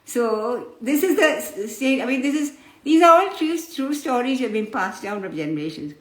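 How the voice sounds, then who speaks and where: Female spiritual teacher, patient storyteller who calls listeners her children; higher voice, roomy echo. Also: lively intonation, normal speed. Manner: addresses listeners fondly as children, explains patiently.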